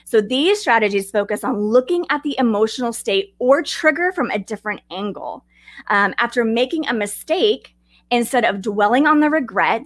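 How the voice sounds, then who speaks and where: A woman, hosting a podcast. She teaches in a chatty, animated way, mixing lessons with personal stories and talking straight to her listeners. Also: a little high, no echo. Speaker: podcast host.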